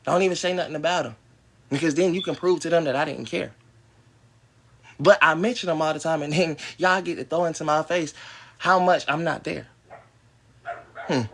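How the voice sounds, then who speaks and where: A man's voice: medium pitch, fairly bright tone. A man in his twenties ranting to his livestream viewers, heated and defensive, swearing often and breaking into bitter laughs. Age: 20s. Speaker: livestream host. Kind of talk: ranting monologue to live viewers.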